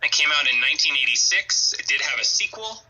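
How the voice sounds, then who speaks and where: A man's voice: on the high side, expressive, bright, forceful tone, breathy edge, poor audio. A man hosting a podcast, running a playful movie quiz in casual chat. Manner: playful, drawn-out game-show delivery.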